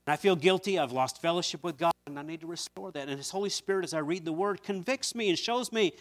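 A male preacher delivering a fervent sermon. He drops to a hushed, low voice and then climbs into loud, emphatic passages, and he doubles up words when he leans on a point. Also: fast.

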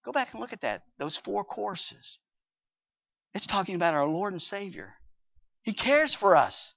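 A man preaching a sermon with emphasis, swinging between loud passages and hushed ones and reading scripture aloud. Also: high voice, very animated, moderate pace, creaky, pauses often. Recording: dull lo-fi recording.

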